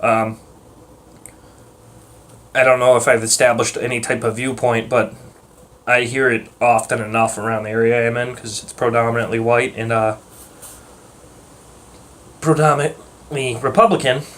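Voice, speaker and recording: A young man rambles through a casual vlog rant, swearing offhandedly and padding his sentences with fillers. His voice sits at an everyday middle pitch. A faint hiss and occasional clicks run underneath. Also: level tone, moderate pace, long pauses, a bit bright. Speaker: vlogger.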